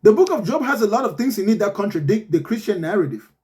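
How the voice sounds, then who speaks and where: A man hosting a casual podcast chat, arguing his points in animated, rhetorical storytelling. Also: high-pitched, fast talker. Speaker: podcast host.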